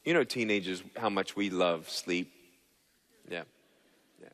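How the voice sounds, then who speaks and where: A man's voice: low-pitched, measured pace, fairly bright tone. A man giving a motivational talk on stage, telling a story animatedly and acting out the dialogue. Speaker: motivational speaker. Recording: reverberant hall.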